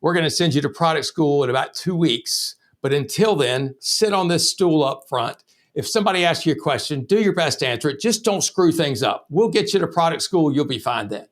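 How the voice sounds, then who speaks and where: A man's voice: fairly high pitch, expressive, fairly quick, close to an everyday voice. A man voicing a blunt store manager in a story, giving profane but encouraging orders. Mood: instructing.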